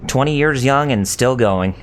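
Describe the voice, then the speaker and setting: A man's voice: mid-range voice, moderate pace, slight background noise. A man co-hosting a casual gaming stream, joking around and dropping into silly voices. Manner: jokey, breaks into sung bits and silly voices. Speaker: co-host. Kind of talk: casual gaming commentary chat.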